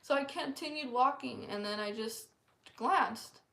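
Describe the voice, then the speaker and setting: A woman's voice: fairly high pitch, measured pace, vocal fry, bright, forceful tone. A woman earnestly sharing a personal testimony in a casual, rambling way, full of "like" fillers. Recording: echoey room.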